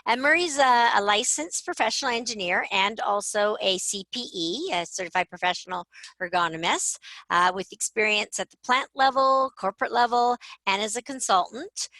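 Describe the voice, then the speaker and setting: Bright woman hosting a webinar. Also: fairly high pitch, normal speed, dry recording. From Canada. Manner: chatty, conversational, lightly self-correcting. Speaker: webinar host. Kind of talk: introducing a guest on a video webinar. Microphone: video call.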